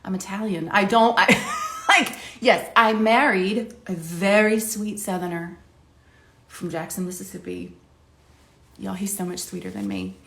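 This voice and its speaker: A middle-aged woman from Ohio, a makeup coach chatting to camera while doing her makeup, talkative and quick to laugh. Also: mid-range voice, gravelly. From Ohio, USA. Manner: chatty, laughing, lively quoted voices. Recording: echoey room.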